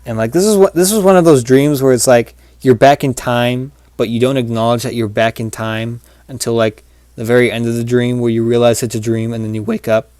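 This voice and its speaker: A channel host gives casual gameplay commentary, rambling through a story with lots of fillers and false starts. His middle-pitched, darkish voice stays steady and brisk. The recording is dry and close, with no room sound or echo.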